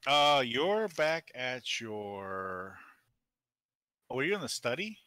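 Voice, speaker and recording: A man running a tabletop game as game master, narrating in a relaxed way and chuckling now and then. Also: medium pitch, takes it slowly, smooth, dry recording.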